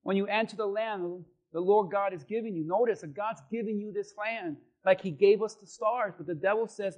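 High-pitched male pastor preaching with shouted punches. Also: moderate pace. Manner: preachy, rising to shouted emphasis. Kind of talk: sermon.

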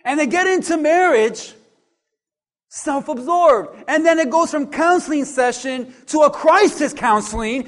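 A pastor with a very high male voice preaches unhurriedly, moving from quiet asides to loud, animated calls. He also acts out what people say.

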